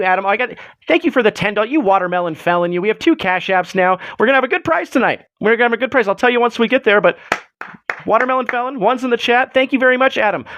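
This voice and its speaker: A man hosts a casual livestream, chatting to viewers in a rambling, filler-heavy way. His voice sits fairly high for a man, and the close desk mic sounds dry and dead. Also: fairly bright tone, no room sound. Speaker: livestream host.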